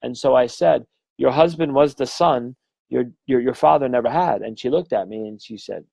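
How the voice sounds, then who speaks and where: A man's voice: mid-range voice, moderate pace, gravelly, dark tone, dry recording, rough recording. A man, middle-aged, a medium giving a frank, rambling live-stream talk full of fillers and swearing. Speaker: medium and mentor.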